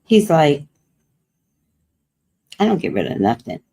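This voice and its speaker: An older woman hosts a casual livestream and tells a personal story with lots of energy. Her voice sits fairly low for a woman but swoops up and down as she talks. She acts out what other people said as she goes. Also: slow, creaky. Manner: animated storytelling, quoting others. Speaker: host.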